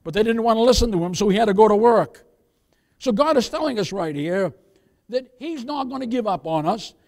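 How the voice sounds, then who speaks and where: High-voiced preacher in a reverberant hall. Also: male voice, animated, brisk. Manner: swings from loud exhortation to near-whispers, many "beloved" and "Amen?". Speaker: pastor. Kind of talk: sermon. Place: church sanctuary.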